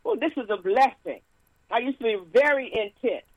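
A woman minister giving a casual sermon with stories and announcements, lively and laughing, with frequent praise interjections. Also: a little high, moderate pace, no room sound, lo-fi sound.

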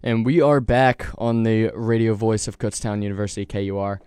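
Smooth-voiced young male radio host. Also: fairly low pitch, little pitch movement, fairly quick, a little mellow, no room sound, clean studio sound. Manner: rambling, with restarts and fillers. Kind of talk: casual sports talk. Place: college radio studio.

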